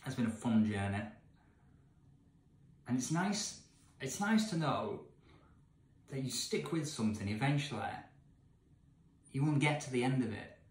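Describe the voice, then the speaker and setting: An English man in his thirties, ranting in disbelief to the camera, swinging between loud outbursts and muttered asides. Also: mid-range voice, animated, measured pace, long pauses, echoey room. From England. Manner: incredulous, ranting, swings from shouting to mumbling. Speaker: vlogger reading a gamebook. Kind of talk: exasperated rant to camera. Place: indoor room with candles, away from home.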